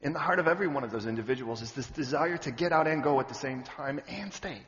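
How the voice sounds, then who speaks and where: A male pastor preaching a sermon in a church hall, conversational and humorous, with loud animated bursts. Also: medium pitch, fast. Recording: echoey hall, dull lo-fi sound.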